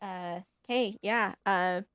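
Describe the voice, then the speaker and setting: A woman's voice: mid-range voice, steady tone, extremely slow, fairly bright tone, clean tone, dry recording. Hesitant woman player, dry sound. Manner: hesitant, filler-heavy. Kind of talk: tabletop game play.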